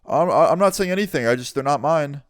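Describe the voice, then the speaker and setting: A man's voice: a little high, fast, clean tone, dry recording, studio quality, voice pushed up, lightly acted. A man doing a panicky young show-off driver. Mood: stammering. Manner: frantic, swearing, stammering.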